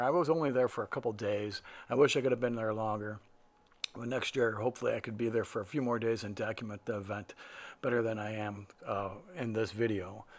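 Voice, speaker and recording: A man talks casually over his own footage, wandering from point to point with plenty of "uh"s and restarts. His voice has a gravelly, rough edge at a middle pitch. It sounds like an unscripted hobbyist voice-over. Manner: rambling, full of fillers and restarts. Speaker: aviation vlogger.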